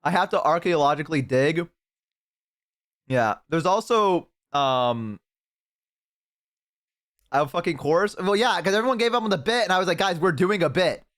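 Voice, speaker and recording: Animated young man streamer, lively pitch. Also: normal speed, long pauses. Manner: animated storyteller, mimics voices. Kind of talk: casual live-stream chat.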